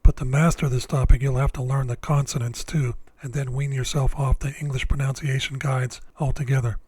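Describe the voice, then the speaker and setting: Man, scripted lesson narration, measured and deliberate, mid-pitched voice, dry close sound. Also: little pitch movement, darkish tone, husky, no echo. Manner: slow, deliberate, measured explanations. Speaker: Bible language teacher.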